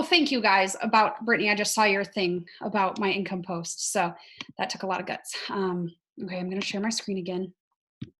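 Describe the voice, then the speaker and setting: On a casual video call, a woman coaches her fitness team, her mid-range voice fairly bright as it comes through the call mic. She's chatty, says "like" a lot, and keeps checking in with "right?".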